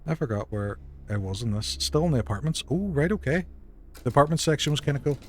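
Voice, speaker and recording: A man's voice: mid-range voice, lively intonation, fast talker, slight background noise. A man with a Northern Irish Derry accent streaming a game live, thinking aloud in a chatty way and swearing casually. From Northern Ireland. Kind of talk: casual live gameplay commentary.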